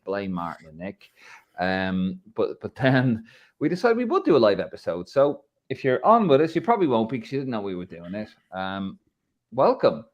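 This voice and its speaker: An Irish man hosts a live football podcast with his mates. He chats loosely, full of banter and the odd swear word, and his pitch jumps about a lot as he talks. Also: highs cut off. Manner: banter-filled, swears, lively swings in pitch. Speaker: podcast host. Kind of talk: casual football chat.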